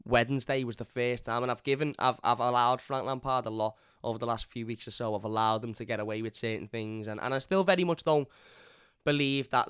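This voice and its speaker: A man's voice: medium pitch, steady tone, brisk, fairly bright tone, clean tone, no echo, clean studio sound. A man hosting a live football fan review, frustrated, stumbling over and repeating his words and scolding his chat. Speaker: fan channel host.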